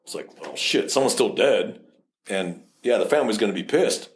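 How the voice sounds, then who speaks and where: A man's voice: lowish voice, animated, normal speed. A man from South Texas, a police officer co-hosting a podcast, talking in a blunt, profane, casual way and telling stories animatedly.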